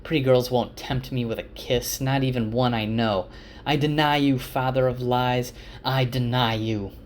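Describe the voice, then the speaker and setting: A man voicing a wary, half-mad young man who sneers and shouts at the night. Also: mid-range voice, steady tone, moderate pace, slight background noise, natural voice. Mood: defiant shouting.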